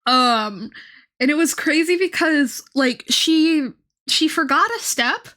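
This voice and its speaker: A woman's voice: sits high, slow pace, pushed and bright. A young woman streamer telling a rambling story in casual chat, with many ums and frequent laughs.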